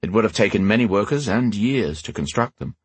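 A male narrator reading a fantasy story with expressive, measured delivery. His pitch moves a lot and his voice is husky. The sound is dry and close. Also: no echo. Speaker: audiobook narrator. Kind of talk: scripted narration.

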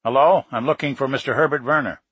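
A man's voice: medium pitch, fast, fairly bright tone, husky, no echo. A man voicing a nervous, eager diver who speaks politely and in a hurry.

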